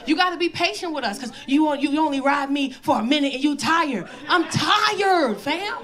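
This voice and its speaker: A middle-aged woman doing a stand-up comedy set, telling stories loudly with lots of put-on voices, on a club stage with a handheld mic. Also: high voice, moderate pace. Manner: bold, loud, animated storytelling with put-on voices. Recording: live club recording with crowd laughter.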